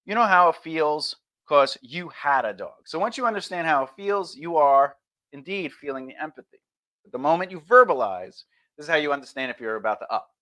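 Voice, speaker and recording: A man's voice: a little high, pushed and bright. A man streaming a casual lesson on conversation skills, talking loosely and acting out example replies.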